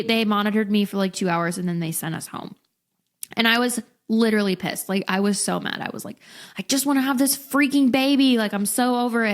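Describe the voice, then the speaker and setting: Candid young woman telling a birth story. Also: mid-range voice. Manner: candid, expressive, acts out quotes. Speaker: podcast guest. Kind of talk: casual storytelling.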